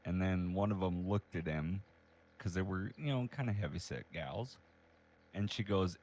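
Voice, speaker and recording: A man's voice: deep voice, normal speed, a little mellow. A man chatting casually with a fellow gamer, telling crude jokes in a laid-back way with lots of uh and um. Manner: laid-back storyteller who hesitates with uh and um. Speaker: fellow player.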